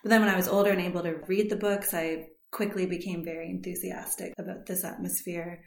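A woman's voice: on the low side, flat delivery, a little fast, gravelly, roomy sound. A woman from Prince Edward Island, reflecting casually on a podcast. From Prince Edward Island, Canada. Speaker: podcast co-host.

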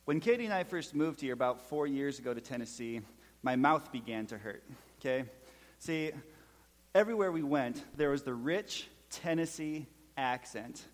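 A man's voice: medium pitch, lively intonation, moderate pace, big-room sound. Minnesotan man preaching with a joking manner. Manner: storytelling with jokes, frequent "okay?" check-ins. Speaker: pastor. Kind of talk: sermon.

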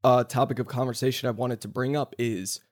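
A man hosting a casual movie review podcast, talking in animated bursts with swearing and quick asides. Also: medium pitch. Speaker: podcast host.

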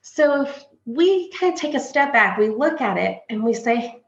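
A woman's voice: on the high side, big pitch swings, moderate pace. A woman hospice nurse explaining a condition in a podcast conversation, earnest and full of everyday stories, sometimes voicing what patients think. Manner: earnest, anecdotal, acts out patients' thoughts. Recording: echoey room, slightly dull sound.

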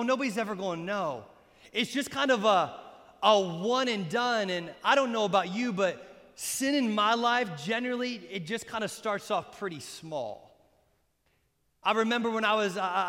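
A man pastor preaching an energetic, joking sermon at a baptism, sometimes bursting into shouts. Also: high-pitched. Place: church sanctuary during a baptism. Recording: echoey hall.

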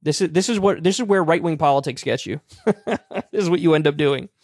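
A man's voice: a little high, a little fast, no echo, studio quality. A man hosting a political commentary show, reading news aloud and cutting in with sarcastic, profane remarks.

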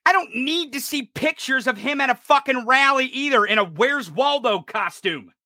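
A male podcast host delivering an angry, profane political rant, often shouting. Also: very high voice, expressive, normal speed, no echo, studio quality.

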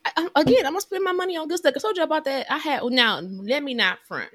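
A woman, chatting casually as a podcast co-host and telling animated stories. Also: sits high, quick pace, no echo, studio quality. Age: 30s. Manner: chatty and animated, with lively storytelling. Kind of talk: casual chat.

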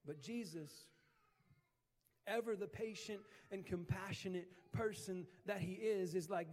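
A male pastor preaching in a chatty storytelling way, dropping casual slang into his sermon. His voice sits high for a man and carries a long reverb from a large hall. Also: a little slow. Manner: conversational, animated storytelling with slang.

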